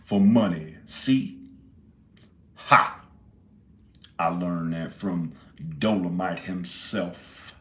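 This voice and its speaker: A man's voice: sits low, drawn-out words, long pauses. A man in his forties rambling in a casual monologue, often laughing and swearing. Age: 40s. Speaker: indie filmmaker. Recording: roomy echo.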